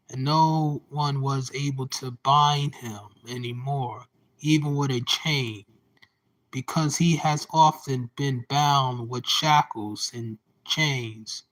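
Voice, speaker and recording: Slow, deliberate man reading scripture. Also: mid-range voice, fairly bright tone, poor audio. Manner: deliberate phrase-by-phrase reading with occasional self-corrections. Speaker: scripture reader.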